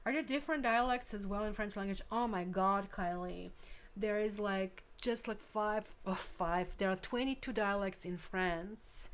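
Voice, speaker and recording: A woman's voice: mid-range voice, a little slow, a little hiss or hum. A woman hosting a live tarot stream, chatting casually with viewers and thinking aloud while she works.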